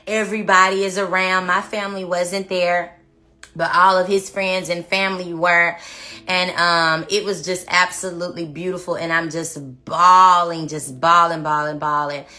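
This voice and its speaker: A woman vlogger recounting a dream with lively, expressive storytelling. Her voice is bright and clear, and she speaks straight to her viewers in a casual way. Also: lowish voice. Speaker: Christian vlogger.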